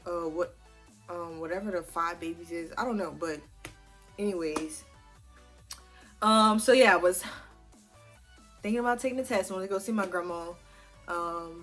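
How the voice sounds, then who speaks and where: Chatty young woman telling a storytime. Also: mid-range voice. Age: 20s. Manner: animated, chatty, swears casually. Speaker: vlogger. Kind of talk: casual storytime chat.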